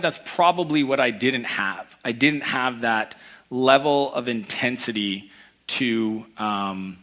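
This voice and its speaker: A man giving an energetic motivational talk to a live audience, telling personal stories and acting out the people in them. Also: fairly high pitch. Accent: Canadian. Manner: energetic storytelling, acts out voices in anecdotes. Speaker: keynote speaker. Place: event hall before a live audience.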